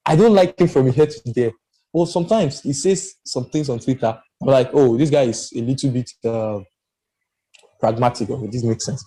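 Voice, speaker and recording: A man giving his views in a casual podcast discussion, animated and emphatic, often restarting his sentences. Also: medium pitch, normal speed, low-quality recording. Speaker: podcast panelist.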